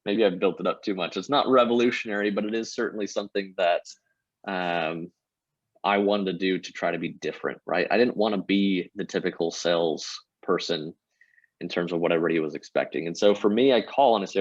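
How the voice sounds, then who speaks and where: An energetic man with a fairly low voice explains his sales approach step by step. He talks casually, as a podcast guest on a remote call. The sound is dry and a little dull, like lo-fi call audio. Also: brisk, dry recording. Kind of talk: casual interview talk.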